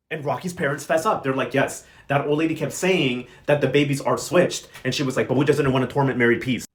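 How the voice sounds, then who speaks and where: A man's voice: medium pitch, fairly even intonation, fast talker, few pauses. A man giving a casual telenovela recap, sassy and slangy, telling the story with dramatic flair. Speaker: recap vlogger.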